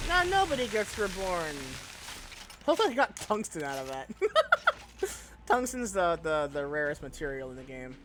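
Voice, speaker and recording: A woman's voice: low-pitched, very noisy. A woman streaming a game live, chatting in a giggly, rambling way with lots of fillers. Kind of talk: live gameplay commentary.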